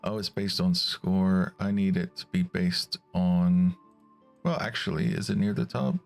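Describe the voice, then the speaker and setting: A man's voice: sits low, fairly even intonation, measured pace, creaky, faint music behind. A man streaming a game, musing aloud in casual commentary. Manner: musing, talking to himself.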